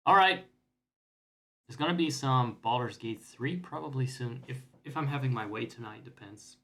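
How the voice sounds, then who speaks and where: A male game streamer rambling through casual commentary, joking and swearing as he plays. His voice is mid-pitched, and his sentences often trail off quietly. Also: normal speed, vocal fry.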